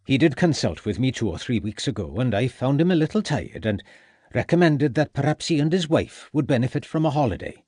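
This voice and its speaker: Proud Welsh village doctor, older, pompous; man reading. Raised pitch, dry audiobook sound. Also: sing-song, fairly quick, darkish tone, no echo. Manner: pompous and affronted. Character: elderly Welsh town doctor, proud and stiff.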